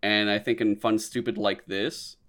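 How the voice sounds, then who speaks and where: A man's voice: lowish voice, little pitch movement, normal speed, fairly bright tone. A young man in casual, profane chat about a movie, acting out quotes from scenes. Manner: laid-back, swears often, acts out quotes.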